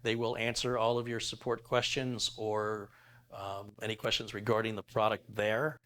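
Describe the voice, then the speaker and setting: Middle-aged guy, lowish voice, chatty tech live stream host reading donations. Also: level tone, normal speed, bright, forceful tone. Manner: chatty, laughs easily, reads viewer messages aloud.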